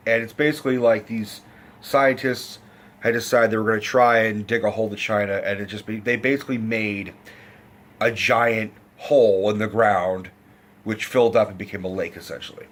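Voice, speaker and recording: A man giving a casual, rambling film review rant, loose and profane, jumping into pitched-up impressions of the characters. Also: normal speed. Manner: profane, animated retelling with pitched-up acted quotes.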